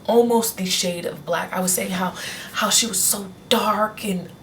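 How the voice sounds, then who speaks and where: A woman's voice: mid-range voice, steady tone, measured pace, fairly bright tone, recorded from a distance, a little hiss or hum. A young woman vlogger chatting casually to her camera, candid and rambling, often restarting her sentences. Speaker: beauty vlogger. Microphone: on-camera mic.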